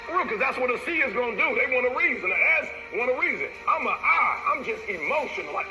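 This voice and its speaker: A man's voice: high voice, big pitch swings, fast, hardly any pauses, over music, poor audio. A man giving an emotional, preacherly motivational talk at a conference, addressing the crowd directly. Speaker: motivational speaker.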